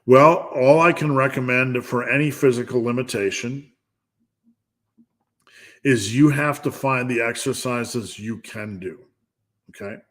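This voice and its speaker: On his live stream, this middle-aged coach speaks at a measured pace in a medium-pitched voice, leaving long pauses. He works through viewers' questions, giving lifting advice that's blunt and jokey, and he often restarts his sentences.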